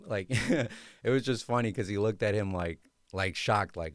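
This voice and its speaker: Laid-back young man, low smooth voice. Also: fairly quick, no room sound, clean studio sound. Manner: laid-back, slangy, many fillers. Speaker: podcast host. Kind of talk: casual personal storytelling.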